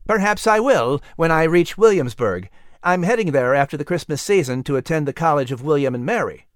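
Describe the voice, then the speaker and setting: A man's voice: fairly high pitch, animated, brisk, no room sound, clean studio sound, natural voice. Man doing a shy, stiff young scholar. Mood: reserved. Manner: stiff, reserved. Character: shy, bookish young gentleman, stiff and modest. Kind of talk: storybook reading.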